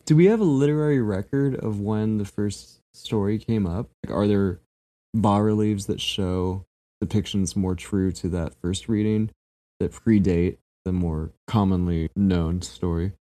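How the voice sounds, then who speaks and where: A man's voice: fairly low pitch, a little slow, dark tone. A man in a casual chat, musing reflectively and playfully, often searching for his words. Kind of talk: casual chat about mythology.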